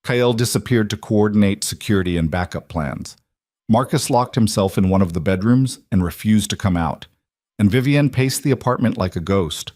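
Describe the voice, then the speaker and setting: Low-voiced man narrating a story. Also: darkish tone, no room sound, clean studio sound. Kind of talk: scripted narration.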